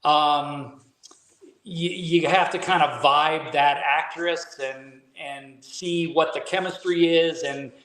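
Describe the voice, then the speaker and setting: A man speaking a little higher than most men tells his stories at an unhurried, easygoing pace, with plenty of filler words. His voice carries a noticeable room echo, as if recorded in a bare studio. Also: steady tone, fairly bright tone. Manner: easygoing storyteller, frequent "you know" fillers. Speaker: guest actor and drummer. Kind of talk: casual interview chat. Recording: roomy echo.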